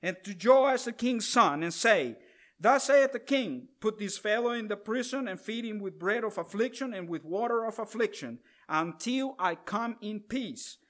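A man's voice: sits high, animated, fairly bright tone. A man preaching a sermon, reading a scripture passage aloud and breaking off for asides to the congregation, drawing out stressed words. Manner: reads scripture aloud then adds asides, drawn-out stresses.

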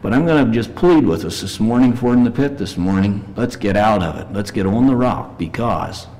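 A man preaching a morning sermon, reading scripture slowly and earnestly and pleading with his listeners. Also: on the low side, expressive, darkish tone, low-quality recording. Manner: reads verses slowly and earnestly, pleads with rising intensity.

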